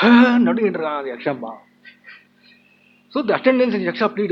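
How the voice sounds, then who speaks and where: A storyteller retells an old tale in a chatty, laughing way, full of asides. His high-pitched voice is very animated and moderately paced, with frequent pauses. The dull lo-fi recording has faint ambience and slight background noise.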